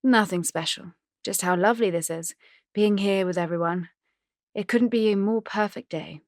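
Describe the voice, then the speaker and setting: A woman's voice: mid-range voice, normal speed, no echo, studio quality, lightly acted. A woman narrator voicing a chirpy, pushy woman who gushes over everyone on a cruise. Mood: sweet. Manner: chirpy, effusive.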